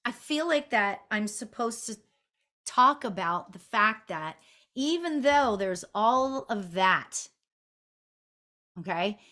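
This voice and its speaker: A middle-aged woman working as a spiritual medium, chatting casually through a live online reading, sing-songy and quick to laugh, with lots of fillers. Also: on the high side, animated, bright, forceful tone.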